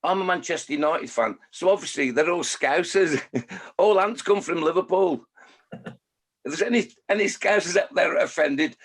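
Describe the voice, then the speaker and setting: A man's voice: a little high, moderate pace, slightly rough. A man who writes children's poems, chatting in a jokey, rambling way in a video-call interview. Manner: jokey, chatty, restarts a lot. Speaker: children's poet.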